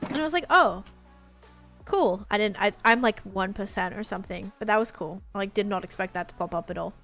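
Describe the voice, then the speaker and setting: A young woman from New York, chatting and rambling casually to viewers while streaming a game. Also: mid-range voice. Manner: rambling, chatty, thinking aloud. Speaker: gaming streamer. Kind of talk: casual livestream chat while playing.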